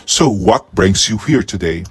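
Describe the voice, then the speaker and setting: A man voicing a calm, gentle male therapist who asks soft, slow questions. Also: low-pitched, husky, pitched below the performer's own voice, full character voice.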